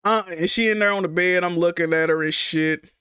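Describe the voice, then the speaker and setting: A man's voice: high voice, fairly even intonation, a little fast, sharp tone, clear, resonant tone, no room sound, clean studio sound. A man streaming, telling a personal story in a rambling, casual way, restarting and repeating himself and swearing freely.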